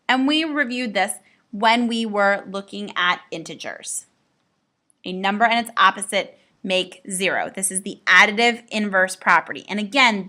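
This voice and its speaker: A woman's voice: medium pitch, bright, forceful tone. A woman teaching a recorded math lesson, explaining step by step with playful asides to her students.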